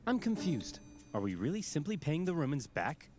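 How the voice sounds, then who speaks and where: A man's voice: a little high, big pitch swings, normal speed, over music. A man voicing a naive young son in a cartoon, asking innocent, whiny questions.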